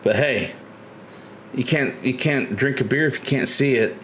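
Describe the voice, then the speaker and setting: A man's voice: mid-range voice, unhurried, a bit bright, slight background noise. A man hosting a casual live stream, chatty and joking, who rambles and restarts his sentences often. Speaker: livestream host.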